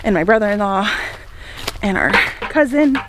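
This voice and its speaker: A woman's voice: medium pitch, expressive, normal speed, background noise. A young woman chatting casually to the camera outdoors in her flower garden, upbeat and laughing often. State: a little out of breath. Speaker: flower farmer and homesteader. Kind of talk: casual vlog talking to camera.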